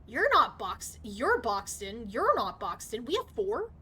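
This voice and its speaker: A woman streaming a game live, chatty and excitable, swearing often and talking to her chat. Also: fairly high pitch, measured pace, breathy edge. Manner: excitable reactions, sudden outbursts. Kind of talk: live gaming commentary.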